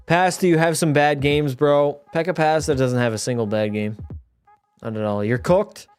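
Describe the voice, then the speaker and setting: A young man livestreams a hockey game and commentates for his chat, swearing and getting fired up while a bit tipsy. His voice is a little high and clean, at a moderate pace, with faint music behind him.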